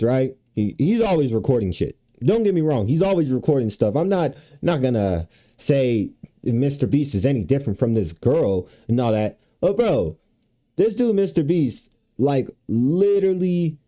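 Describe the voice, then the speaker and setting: A man's voice: fairly high pitch, mellow. A man giving casual reaction commentary, talking loosely with lots of slang and filler. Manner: loose slangy talk, lots of "bro" and "you know what I'm saying". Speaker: commentary streamer.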